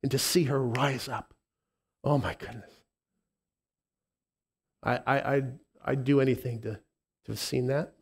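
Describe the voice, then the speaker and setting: A man preaching a sermon as pastor, speaking with a lisp, emotional and halting with frequent restarts, moving between soft tender moments and emphatic declarations. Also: fairly high pitch.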